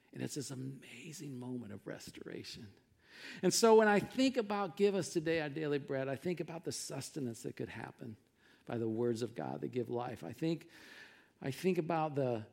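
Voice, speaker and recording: Animated gravelly male pastor preaching. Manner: animated storytelling, acting out quotes with rising pitch and volume. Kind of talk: sermon.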